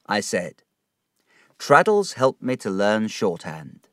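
Slow, expressive male storybook narrator. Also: lowish voice, dry recording, clean studio sound.

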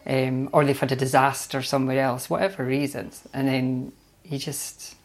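A woman's voice: rumbling low, flat delivery, moderate pace. A Scottish woman, a hairdresser, chatting casually in an interview and often finishing her colleague's sentences.

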